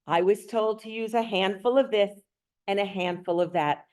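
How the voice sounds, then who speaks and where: A woman's voice: medium pitch, moderate pace. A middle-aged woman, a cookbook author, telling stories to an audience and acting out the dialogue. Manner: lively anecdotal storyteller, acts out dialogue. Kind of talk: storytelling talk to an audience.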